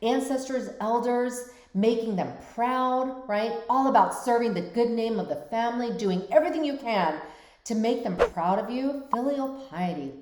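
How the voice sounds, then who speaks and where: A woman's voice: fairly high pitch, moderate pace. Woman host with a roomy echo. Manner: warm, reflective, often asks "right?". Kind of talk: mental health commentary on a drama.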